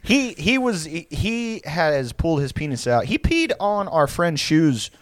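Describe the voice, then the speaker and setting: A man's voice: on the high side, sing-song, measured pace. A man in his late twenties telling a rambling, profane story in casual chat and laughing through it. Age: 20s.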